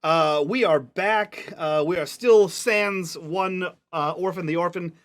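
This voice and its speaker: A man's voice: sits high, a bit bright. A man running a tabletop role-playing game, narrating scenes and chatting playfully with his players. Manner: playful, chatty, halting when improvising. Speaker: game master.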